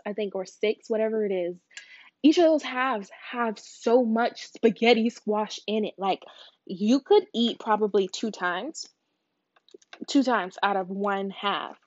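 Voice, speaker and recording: A woman's voice: on the high side, highs cut off. A young woman from the southern United States, chatting casually while cooking, rambling with playful asides. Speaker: cooking vlogger. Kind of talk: casual cooking chat to camera.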